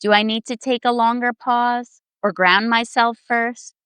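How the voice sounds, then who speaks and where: A woman child therapist hosting a show, giving scripted parenting advice in a calm, gentle, measured way. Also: on the high side, clean tone, dry recording, poor audio. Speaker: child therapist and podcast host.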